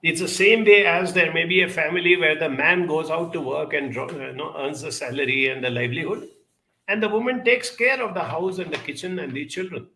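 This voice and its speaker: A man giving a measured, emphatic talk and answering audience questions, with many pauses and fillers. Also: a little high, pushed and bright, roomy sound, poor audio. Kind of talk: live talk on emotional intelligence.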